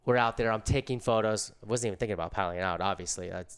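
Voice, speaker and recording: Middle-aged man, easygoing surfer storyteller, smooth resonant voice. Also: on the low side, fast. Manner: laid-back, slangy surfer talk. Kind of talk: casual storytelling.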